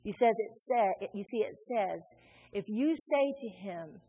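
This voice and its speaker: A woman preaching a sermon in a church, animated and conversational, joking with her congregation. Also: mid-range voice, measured pace, slightly rough. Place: church sanctuary. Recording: long hall reverb.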